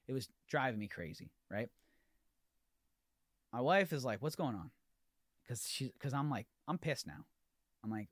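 A man's voice: medium pitch, normal speed, long pauses, no echo, studio quality. Exasperated man ranting on a podcast. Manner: animated, exasperated storytelling with repeated restarts. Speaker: podcast host. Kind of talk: ranting solo podcast monologue.

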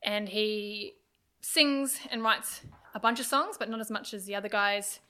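A woman's voice: mid-range voice, unhurried, pushed and bright, smooth. A woman, chatting enthusiastically as a podcast guest and telling a story with many fillers. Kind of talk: casual chat.

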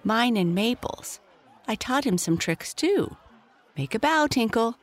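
A narrator doing an eager high-voiced little boy. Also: lively intonation, unhurried. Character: eager young boy, pony's owner.

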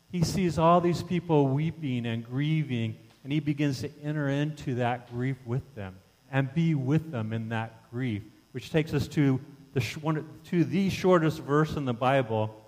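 A man's voice: on the high side, in a large hall, low-quality recording. A man preaching a sermon as pastor, talking conversationally with rhetorical questions and frequent restarts.

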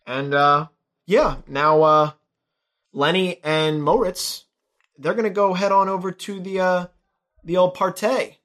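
A young man in casual conversation, recounting a movie scene by scene. His voice sits a little high for a man, and he drops into quick impressions of the characters as he goes. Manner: animated retelling, acting out characters' lines. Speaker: podcast co-host. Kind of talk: casual movie recap chat.

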